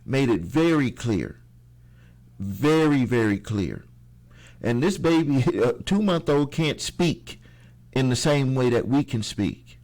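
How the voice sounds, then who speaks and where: A middle-aged man talks to his viewers in an unscripted motivational monologue. His voice sits at an ordinary pitch, and he keeps restarting sentences and repeating key phrases to drive a point home. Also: animated, slow, a little mellow. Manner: rambling, repeats phrases for emphasis, frequent restarts. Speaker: host of a motivational channel. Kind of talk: casual motivational talk to camera.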